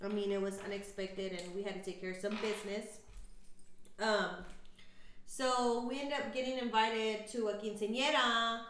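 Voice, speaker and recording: A woman's voice: medium pitch, fairly even intonation, moderate pace, echoey room, background noise. A woman co-hosting a podcast, telling stories in casual, slangy chat full of ums. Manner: chatty storyteller, slangy, frequent ums. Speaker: podcast co-host.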